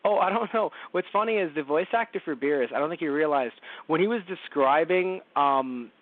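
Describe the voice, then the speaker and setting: A man co-hosting a podcast, chatting casually and rambling through an anime review, often slipping into quick impressions of characters. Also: a little high. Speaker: podcast co-host. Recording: dry, phone-like narrow sound.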